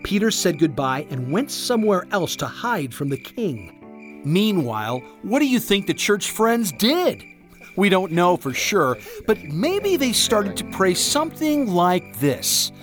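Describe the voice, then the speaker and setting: Animated children's Bible storyteller. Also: medium pitch, unhurried. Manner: animated, expressive read-aloud. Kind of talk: scripted storybook narration for children. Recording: faint background music.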